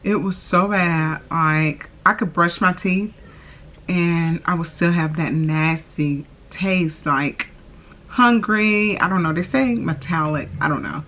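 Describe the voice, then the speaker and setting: Slow-talking chatty young woman vlogger. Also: on the low side, a bit bright. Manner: chatty, drawls "y'all", lots of "like" and "oh my gosh". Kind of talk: casual chat to camera.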